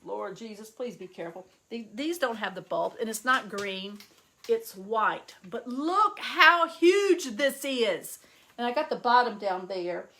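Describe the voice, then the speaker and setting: A middle-aged woman with a gravelly edge and a bright, sharp tone talks in a chatty vlog. She rambles from one story to the next and jumps up into high, delighted bursts. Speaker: vlogger showing yard sale finds.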